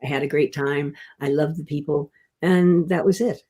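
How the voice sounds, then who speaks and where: An older actress telling stories in an interview, gentle and self-deprecating, often restarting and laughing softly. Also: female voice, deep voice, steady tone, moderate pace. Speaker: guest actress. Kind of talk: casual interview storytelling.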